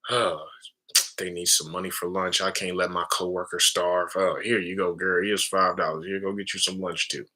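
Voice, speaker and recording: A man's voice: deep voice, flat delivery, moderate pace, sharp tone, low-quality recording. A man playing a reluctant coworker who sighs as he hands over lunch money and mutters an insult. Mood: grudging.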